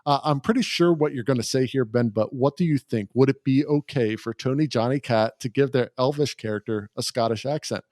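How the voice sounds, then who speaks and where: A man's voice: medium pitch, fairly quick, hardly any pauses, dry recording, studio quality. A man hosting a tabletop gaming podcast, chatting casually and passing questions to his co-hosts. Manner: relaxed, joking, hands out questions to co-hosts. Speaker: podcast host.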